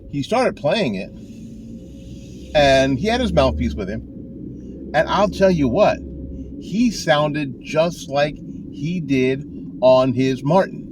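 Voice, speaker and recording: An older man talks through saxophone advice in a folksy, rambling way, stumbling over his words and restarting often. His voice sits at an ordinary middle pitch. A steady hum of road noise runs clearly behind him inside the car. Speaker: saxophone teacher. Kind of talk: casual talking-to-camera advice.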